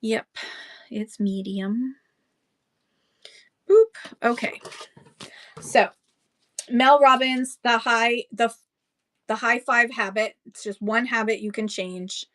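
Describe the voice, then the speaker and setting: A woman's voice: fairly high pitch, fairly even intonation, takes it slowly, pauses often, fairly bright tone. A woman running a live-stream book sale, chatting casually with rambling asides and thanking buyers by name. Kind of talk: casual live-auction selling chat.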